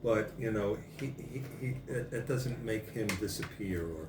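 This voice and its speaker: A man with a low voice chats and asks questions, rephrasing ideas in a loose, casual way. He sits far from the mic in an echoey room. Clear background noise runs under him. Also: moderate pace. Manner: prompts and paraphrases in a loose, chatty way. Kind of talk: casual conversation.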